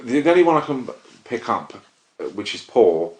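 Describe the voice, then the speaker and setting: A man's voice: medium pitch, sing-song, normal speed, a little mellow. A man hosting a casual film review podcast, rambling and enthusiastic. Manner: rambling, self-interrupting, enthusiastic. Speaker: podcast host. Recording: roomy echo.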